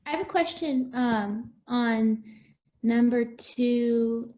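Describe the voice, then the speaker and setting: A woman's voice: fairly high pitch, takes it slowly, warm tone, slight background noise, rough recording. A woman student asking a homework question over a video call, hesitant.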